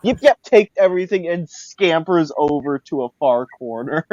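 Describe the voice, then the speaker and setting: A woman's voice: low voice, lively intonation, normal speed, darkish tone, no room sound. A woman playing a tabletop game, giggling often as she describes her character. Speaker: player. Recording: dry, dull lo-fi mic.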